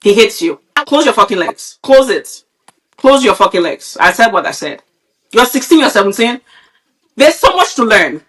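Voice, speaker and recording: A woman's voice: fairly high pitch, big pitch swings, normal speed, a bit bright. A woman from Nigeria, a podcast co-host, ranting bluntly and with a lot of swearing in casual, opinionated chat. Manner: blunt, profane, heated ranting.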